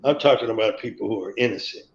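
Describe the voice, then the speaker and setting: A man's voice: fairly low pitch, fast, creaky. A man guest on a live stream, telling a rambling story and acting out the dialogue of other people as he goes. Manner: rambling, acts out quoted dialogue. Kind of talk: storytelling memories. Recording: echoey, dull lo-fi stream audio.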